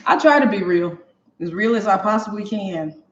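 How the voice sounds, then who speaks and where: Hosting a live cooking demo from home, this woman speaks to viewers directly and often breaks into laughter. Her mid-range voice has lively intonation and a moderate pace. Recorded in an echoey kitchen, the sound is dull and lo-fi with a little hiss or hum.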